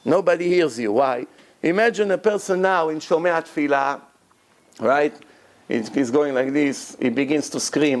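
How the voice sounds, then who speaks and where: A man delivering a rabbinic lecture in an emphatic, insistent way, often repeating a word to drive it home. His voice sits a little higher than most men's. His grammar slips now and then. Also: normal speed. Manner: emphatic, repeats words for stress, non-native grammar; breaks into loud acted shouting of prayers and quotes. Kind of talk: Torah lecture to a congregation.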